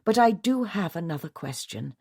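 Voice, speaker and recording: A woman voicing a discreet housekeeper who speaks quietly, gently and in a measured way. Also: on the low side, very animated, husky, exaggerated voice. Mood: tactful. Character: discreet, tactful female housekeeper sleuth.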